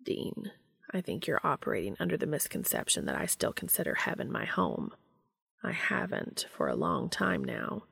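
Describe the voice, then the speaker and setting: A woman reading a fan story aloud, voicing an earnest, soft-spoken male angel in a low, hushed, slow voice that slips into whispers. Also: wildly swooping pitch, vocal fry, slightly rough, exaggerated voice. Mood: tender.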